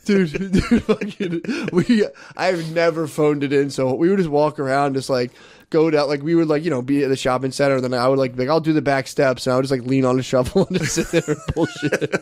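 A man's voice: on the high side, a little fast, darkish tone. Profane rambling storyteller guy. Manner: rambling, profane, laughing through his stories. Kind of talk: casual storytelling chat.

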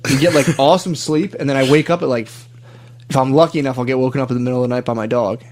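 A man's voice: medium pitch, fairly even intonation, rapid-fire, a little mellow. Young man rambling, swearing a lot. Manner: rambling, profane storytelling with lots of "dude". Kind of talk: casual chat.

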